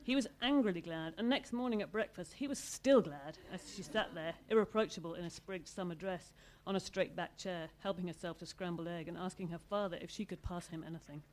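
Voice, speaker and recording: Author reading her novel, woman, slightly low voice, measured. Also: darkish tone, a little hiss or hum.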